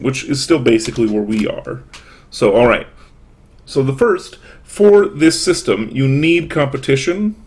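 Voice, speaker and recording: Chatty man giving a casual lecture. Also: mid-range voice. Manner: chatty, asides and rhetorical questions.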